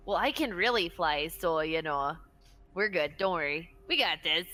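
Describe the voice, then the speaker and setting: Bright, playful woman player. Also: on the low side, normal speed, slight background noise. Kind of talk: casual chat at a tabletop game.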